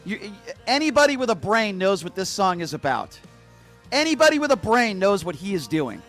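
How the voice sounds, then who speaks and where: A man's voice: high voice, very animated, normal speed, fairly bright tone, soft background music. A male talk show host delivering an indignant, mocking rant, repeating his points over and over. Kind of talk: opinionated talk radio rant.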